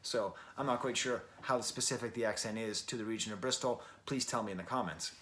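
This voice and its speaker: A man's voice: on the low side, a little fast, a bit bright. An American man from Western New York giving a casual, rambling album review, often correcting himself mid-sentence and tossing in wry asides. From Western New York, USA.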